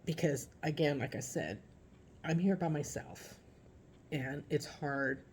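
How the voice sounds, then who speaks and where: A woman giving a casual, heartfelt vlog update from home about caring for her father, talking haltingly with many restarts, teary at times. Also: deep voice, a little mellow, a little hiss or hum.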